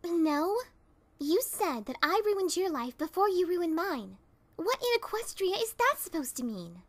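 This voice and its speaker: A woman's voice: very high voice, very animated, measured pace, voice pushed up, heavily acted. A woman voicing a cheerful, sheepish adult mare who works as a mail carrier, in a fan reading of a pony story. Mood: puzzled.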